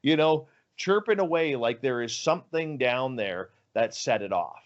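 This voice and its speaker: A man telling a story on a podcast in an animated way, dropping low and quiet for suspense. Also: moderate pace. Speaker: guest radio host. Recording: dull lo-fi audio.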